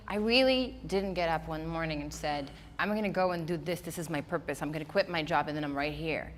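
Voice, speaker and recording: A woman who is not a native English speaker, giving a lively storytelling motivational talk to a live audience. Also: low-pitched, fairly quick, hardly any pauses, a little hiss or hum. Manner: animated storytelling, acting out her own inner voice. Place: event hall before a live audience.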